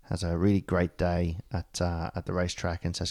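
A man's voice: low voice, monotone, moderate pace, a little mellow. An Australian man co-hosting a casual podcast, rambling through a joke with lots of fillers. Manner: rambling, filler-heavy storytelling with hearty laughs. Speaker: podcast co-host. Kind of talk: casual pub-style banter, telling a joke.

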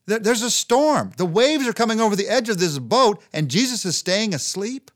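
A man preaching a sermon in an earnest way, lifting his voice for emphasis. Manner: earnest, rises in pitch for emphasis. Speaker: pastor.

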